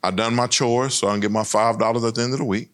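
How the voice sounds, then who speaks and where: A man's voice: steady tone, fast talker, fairly bright tone. Man, middle-aged, testimony speech, emphatic, storytelling, rises and drops for emphasis. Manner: storytelling, emphatic, swings between high emphatic and low lines.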